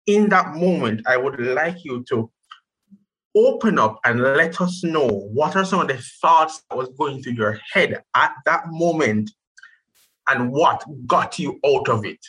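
A man hosting a conversational interview, with a bright, forceful voice. He asks probing questions in an encouraging way. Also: medium pitch, expressive, unhurried, rough recording.

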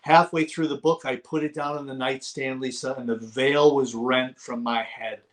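A man's voice: medium pitch, fairly even intonation, normal speed. Fervent man telling his testimony. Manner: fervent storyteller, bursts into shouting when reliving moments. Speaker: guest, author. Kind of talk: testimony in a talk-show interview.

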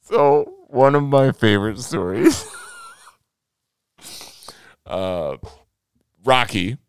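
A man's voice: mid-range voice, lively intonation, extremely slow, smooth, dry recording, clean studio sound. A man co-hosting a casual podcast, laid-back and laughing, swearing freely as he tells stories. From United States. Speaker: podcast co-host. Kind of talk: casual chat.

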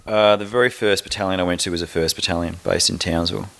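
Very deep-voiced Australian man. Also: fast talker, creaky. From South Australia. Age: middle-aged. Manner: relaxed, matter-of-fact storytelling. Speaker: army officer guest. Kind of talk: podcast interview.

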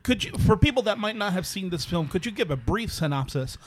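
A man hosting a casual comedy podcast, steering the chat in a mock-formal, deadpan way. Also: high voice, a little fast, slight background noise. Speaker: podcast host.

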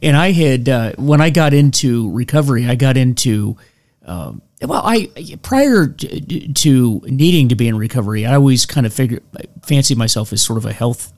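A man's voice: mid-range voice, animated, moderate pace, a little mellow. A man hosting a podcast interview, telling stories in a self-deprecating way, laughing often and restarting his sentences. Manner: frequent restarts and "you know". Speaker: podcast host. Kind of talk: casual storytelling interview.

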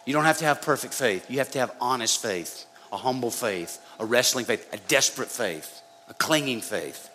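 A man preaches in a conversational style, speaking directly to his listeners as guys. He's a pastor with a medium-pitched, sharp-toned voice, expressive and at a normal speed, recorded with long hall reverb and faint noise.

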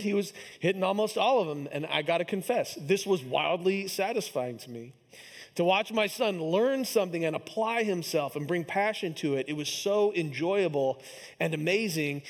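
A man's voice: high-pitched, big-room sound. A man in his thirties, a pastor preaching a sermon with humorous storytelling about his young son. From Kansas City area, US. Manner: storytelling, self-deprecating humor.

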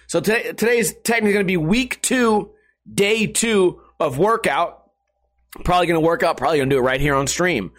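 Streaming from home, a young man talks in a loose, crude, profane way, rambling from one story to the next and laughing at them himself. His voice is fairly bright and sits high for a man, and he stays casual throughout.

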